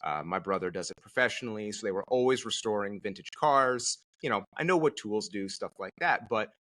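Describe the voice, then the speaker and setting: A man from Connecticut, a podcast guest, telling his story in an animated, conversational way. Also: lowish voice, fairly quick. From Connecticut, USA.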